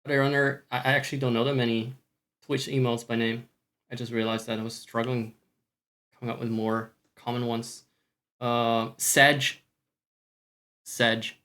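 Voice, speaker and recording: A man's voice: mid-range voice, little pitch movement, normal speed, pauses often, pushed and bright. A man with a Scottish accent chatting casually on a live stream, rambling, swearing freely and joking at his own expense. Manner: rambling, sweary, self-mocking.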